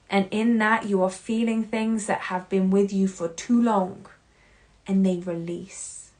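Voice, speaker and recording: A woman hosting a solo podcast, talking in an earnest, heartfelt way that swings between loud and hushed. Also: mid-range voice, steady tone, moderate pace. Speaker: podcast host.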